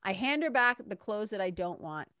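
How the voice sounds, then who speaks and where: A woman's voice: medium pitch, very animated, normal speed, bright, forceful tone, no room sound, clean studio sound. A woman telling a story in a casual, candid way, swearing now and then and acting out what other people said. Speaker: vlogger.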